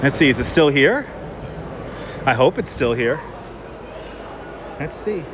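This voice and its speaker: A man's voice: mid-range voice, animated, takes it slowly, noisy background. A man hosting a casual live stream while walking city streets, chatting and answering viewer comments on a clip-on mic. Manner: chatty, rambling, reads viewer comments aloud. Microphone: wireless clip-on mic.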